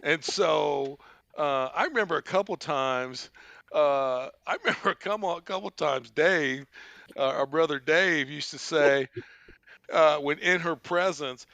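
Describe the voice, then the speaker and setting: A man's voice: fairly high pitch, unhurried, vocal fry, fairly bright tone, dry recording. A man hosting a podcast, telling a rambling, profane family story and laughing often. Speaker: podcast host. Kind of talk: casual storytelling.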